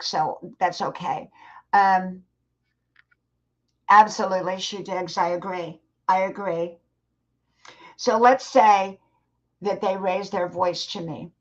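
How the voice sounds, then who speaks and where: An older woman speaks to her live-stream viewers with earnest, advising warmth, her voice sitting at an ordinary middle pitch. She talks straight to the chat. The audio is dull and lo-fi, like stream sound. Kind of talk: motivational live stream talk.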